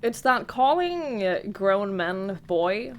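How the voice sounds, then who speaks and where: A woman's voice: medium pitch, big pitch swings, slow pace, slight background noise. A young woman streamer chatting casually and playfully while she plays. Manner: playful, giggly asides. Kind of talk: casual gaming stream chat.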